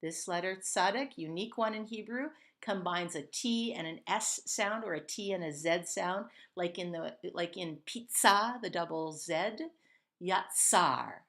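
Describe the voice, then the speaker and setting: A woman's voice: on the low side, expressive, measured pace, a bit bright. A woman teaching a Hebrew reading lesson, patiently sounding out each word syllable by syllable. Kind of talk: slow step-by-step reading lesson.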